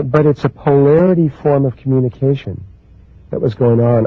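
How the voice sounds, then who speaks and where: A man giving a spiritual talk in a slow, halting way, pausing often and restarting his sentences. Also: mid-range voice, dry recording. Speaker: spiritual teacher. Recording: husky, dry, phone-like lo-fi recording.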